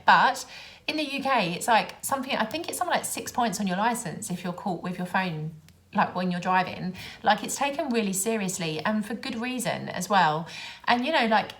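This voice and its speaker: Sarcastic Londoner woman ranting. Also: mid-range voice. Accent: London English. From London, England. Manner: exasperated, sarcastic, animated storyteller. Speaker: vlogger. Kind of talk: casual ranting vlog.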